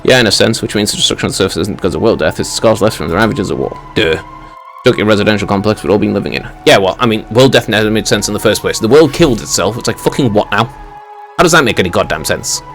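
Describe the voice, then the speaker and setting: A man's voice: fairly low pitch, expressive, fast talker, fairly bright tone. A man streaming a game, reading its dialogue aloud and breaking off into profane, exasperated, sarcastic commentary. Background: game music.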